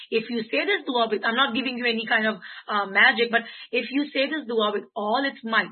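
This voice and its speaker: A woman's voice: a little high, breathy edge. Earnest woman teacher on a tinny line. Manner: earnest, heartfelt, often checks with the class. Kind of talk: online religious class with slides. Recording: tinny phone-like audio.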